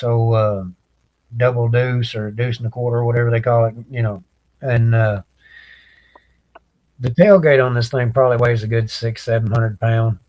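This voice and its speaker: A man telling a work story in a relaxed, plain way during a casual livestream chat. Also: medium pitch, low-quality recording. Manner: laid-back, plainspoken, drawn-out telling. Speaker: co-host.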